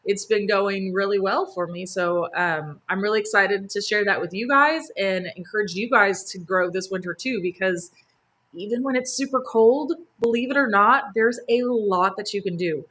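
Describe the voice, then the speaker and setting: Bright-voiced woman chatting away on a live garden stream, lots of ums and laughs. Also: medium pitch. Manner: chatty, enthusiastic, frequent laughs and fillers. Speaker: gardening host. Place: home near a sunroom.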